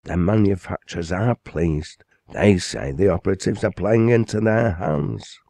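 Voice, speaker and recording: A man voicing an excitable elderly father in an audiobook, talking loudly and fast with a raised pitch. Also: vocal fry, no room sound. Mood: excited. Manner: excited, bursting with news.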